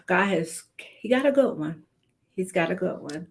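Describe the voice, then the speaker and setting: A woman hosting a live online talk show on a video call, giving church-flavored greetings and shout-outs to viewers. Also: lowish voice, lively intonation, measured pace.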